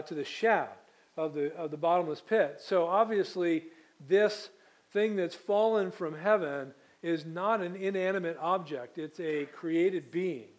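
A man's voice: fairly high pitch, poor audio. A man preaching a sermon, reading scripture aloud and then explaining it with asides and small slips. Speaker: pastor.

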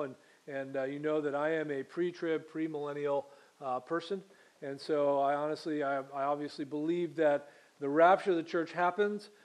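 A man pastor preaching a conversational sermon, pausing to quiz the congregation and correcting himself as he goes. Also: on the high side. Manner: self-correcting, many fillers and restarts.

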